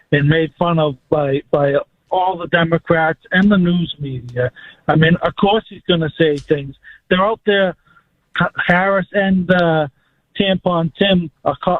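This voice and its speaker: A man calling into a radio show, his voice squeezed through a tinny phone line. He talks earnestly, stumbling and restarting as he goes. His pitch runs a little high. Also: no room sound. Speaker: caller. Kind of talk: call-in on talk radio.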